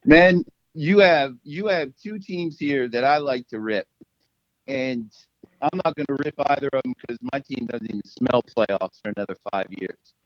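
A man's voice: medium pitch, moderate pace, no room sound, muffled recording. A man co-hosting a casual sports podcast, playful and joking, laughing often. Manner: playful, laughs a lot, jokey asides. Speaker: podcast co-host.

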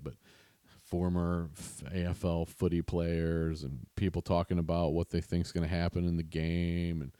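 A man's voice: low voice, darkish tone, smooth, dry recording. A man hosting a casual podcast, rambling and chatty, often restarting his sentences. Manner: rambling, self-interrupting, chatty. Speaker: podcast host.

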